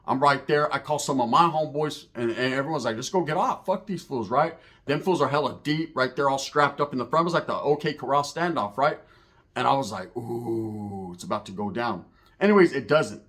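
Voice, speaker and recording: A man's voice: mid-range voice, a little fast, a bit bright. A middle-aged man casually telling a story to camera, full of street slang and profanity, tagging lines with "right?" and acting out what others said.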